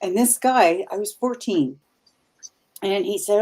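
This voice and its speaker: A woman's voice: medium pitch, unhurried, mellow. A Canadian woman in her fifties, a paranormal investigator guest, telling stories in a rambling, casual way with many restarts. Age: 50s. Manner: rambling, full of restarts and asides. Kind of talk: casual chat.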